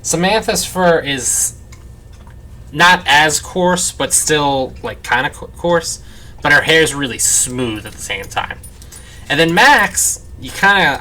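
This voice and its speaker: At his parents' home, a man rambles through casual let's play commentary loaded with "like" fillers, dogs barking nearby. His voice is mid-range, pushed and bright.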